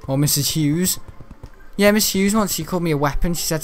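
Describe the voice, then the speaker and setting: A gaming channel host rambles through casual gameplay commentary, chatty and laughing often, with excitable outbursts. His voice is a little high and a little fast.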